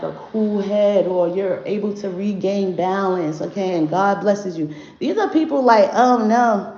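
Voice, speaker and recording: A spiritual reader livestreams to her viewers in a medium-pitched, dark-toned voice, blunt and profane as she speaks straight to chat. The livestream audio sounds dull and roomy, with faint noise.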